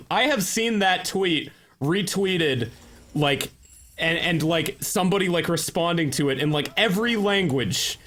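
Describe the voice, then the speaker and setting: A man's voice: high voice, lively intonation, measured pace, a bit bright, a little hiss or hum. A young man co-hosting a gaming stream, trading sarcastic, profane banter and slipping into mocking voices. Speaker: co-host. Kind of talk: casual chat while gaming.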